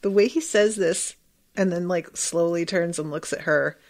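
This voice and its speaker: Excitable young woman podcaster. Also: fairly low pitch, normal speed. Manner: excitable, swearing, lots of "like" fillers. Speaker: podcast host. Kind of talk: casual commentary on a TV episode.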